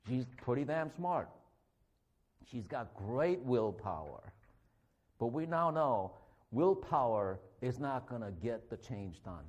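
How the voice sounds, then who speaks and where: Animated man preaching in a church. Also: a little high. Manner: animated, jokey, acts out confrontations. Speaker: guest preacher, physician. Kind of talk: conversational sermon.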